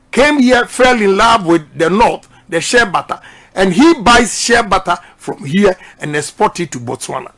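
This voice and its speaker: A middle-aged man with a Ghanaian accent delivers a campaign speech, pitched noticeably high for a man. He is forceful and emphatic, repeating his key lines so they land with the crowd. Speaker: politician.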